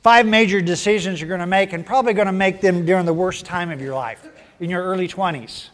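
A man's voice: sits high, fairly quick, a bit bright. A man preaching a sermon, who tells a folksy animal story in down-home speech. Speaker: pastor.

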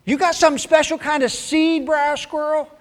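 Man putting on a lazy pestering rabbit, very high voice, pushy questions, folksy tale. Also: flat delivery, moderate pace. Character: lazy pestering male rabbit, whiny and nosy.

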